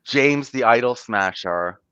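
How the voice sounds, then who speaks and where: A man's voice: medium pitch, lively intonation, slow, fairly bright tone, clear, resonant tone, no room sound. A man talking casually as a host, telling a story in rambling fashion, full of "like" and "you know" and free swearing. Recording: dull, muffled lo-fi audio.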